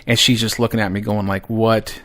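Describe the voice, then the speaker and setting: Swearing, animated man telling a story. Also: fairly low pitch, brisk. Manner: profane, animated, laughing at his own story. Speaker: podcast host. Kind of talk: casual storytelling monologue.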